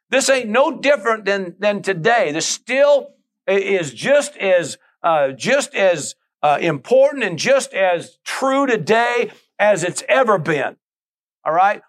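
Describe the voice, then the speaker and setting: A man's voice: sits high, a bit bright. A man preaching a sermon as pastor, reading scripture and adding frequent amens.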